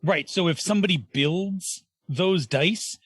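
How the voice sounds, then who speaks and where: A man co-hosting a gaming podcast in casual chat, excitable and rambling, with many fillers and restarts. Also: sits high, unhurried, husky, no echo. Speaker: podcast co-host.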